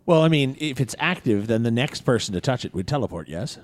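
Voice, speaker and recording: A man's voice: medium pitch, lively intonation, fairly quick, close to an everyday voice. A man playing a scheming male royal advisor in a tabletop game, courteous and probing. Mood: probing polite.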